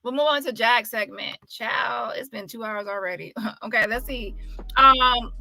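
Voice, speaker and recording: A woman's voice: a little high, measured pace, creaky, sharp tone, soft background music. A woman hosting a casual live-stream commentary, chatty and often exclaiming as she talks. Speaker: commentary host.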